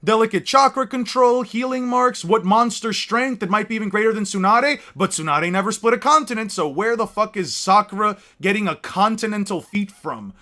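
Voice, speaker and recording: A man's voice: high voice, normal speed, few pauses, bright, forceful tone. A young man ranting in exasperated, profane, mocking commentary as a YouTuber.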